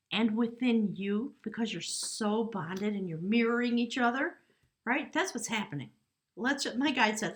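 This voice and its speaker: A woman giving a tarot card reading to camera, earnest and coaxing, often checking in with the viewer. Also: medium pitch. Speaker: tarot reader.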